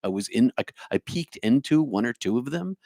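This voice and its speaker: A man's voice: mid-range voice, expressive, a little fast, vocal fry, dark tone, dry recording, studio quality. A middle-aged man with a New Jersey accent, a spiritual speaker answering his live chat by name, musing and humming to himself. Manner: musing, talks to viewers by name, hums to himself. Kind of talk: livestream chat reply.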